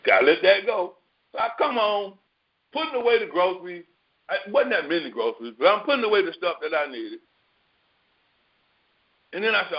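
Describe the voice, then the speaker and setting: A man giving a casual, storytelling sermon as a spiritual teacher, colloquial and animated, acting out his own dialogue. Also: high-pitched, normal speed, pauses often. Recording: dull lo-fi recording.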